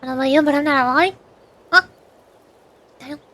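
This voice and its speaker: High-voiced playful woman streamer. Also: fairly quick, bright, forceful tone. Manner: playful, chatty, talks to her chat. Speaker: VTuber streamer. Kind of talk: casual gaming stream chat.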